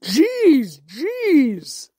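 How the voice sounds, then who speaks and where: A child voicing a gruff old man neighbor in a homemade comedy skit, speaking slowly in a low put-on voice. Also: wildly swooping pitch, dark tone, dry recording, studio quality, full character voice.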